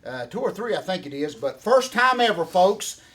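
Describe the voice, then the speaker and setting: A man's voice: high voice, sing-song, moderate pace, a bit bright. A middle-aged man, co-hosting a casual wrestling chat in a folksy, rambling way and coming back to the same catchphrases. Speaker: co-host.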